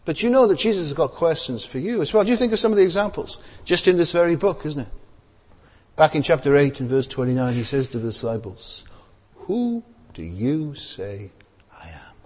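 Guy giving a sermon, lively up-and-down voice, bit husky, big echoey hall. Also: on the high side, fast talker. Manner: conversational, many tag questions and fillers. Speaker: preacher.

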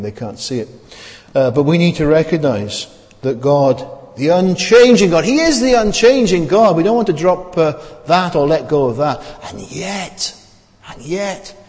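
A man's voice: medium pitch, a little mellow, long reverb tail. A man preaching a sermon with emphasis, often repeating his phrases and putting questions to his listeners.

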